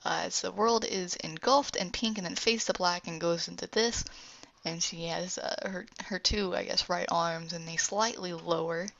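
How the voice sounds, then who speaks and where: A woman talks through her animation pitch scene by scene in a low, gravelly voice with some fry. She rambles and drops in asides. The recording is dull and lo-fi. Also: fairly even intonation, moderate pace, fairly bright tone. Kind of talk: casual scene-by-scene narration.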